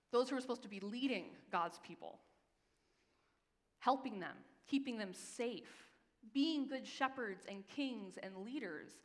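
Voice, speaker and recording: Woman pastor, sermon, emphatic storyteller, higher voice, long hall reverb. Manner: storytelling, emphatic, slows for scripture readings. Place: church sanctuary.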